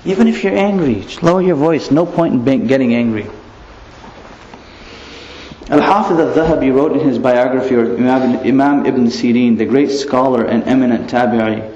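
Animated man preaching in an echoey room. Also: medium pitch, fairly quick. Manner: animated, rhetorical, chuckles often. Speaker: Islamic preacher. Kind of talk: religious lecture. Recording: roomy, slightly dull recording with faint noise.

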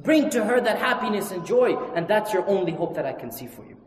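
A man preaching a sermon with passion, moving between loud, stressed lines and low, hushed passages. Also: very animated, fairly quick, slight background noise. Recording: echoey hall with long reverb.

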